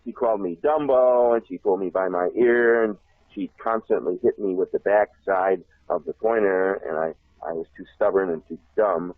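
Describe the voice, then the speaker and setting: A man's voice: low-pitched, moderate pace, no echo. A man telling a long personal story as a guest in an interview, chuckling often and circling back on himself. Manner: laughs often, repeats himself, animated. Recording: tinny phone line, dry.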